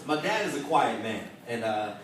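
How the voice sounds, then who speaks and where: A young man performing a spoken word poem at an open mic, telling a story and then reciting in a measured rhythm, captured by a distant phone. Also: mid-range voice, sing-song, a bit bright, slight background noise. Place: room at an open mic night. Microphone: phone camera from the audience. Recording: echoey room, distant phone recording.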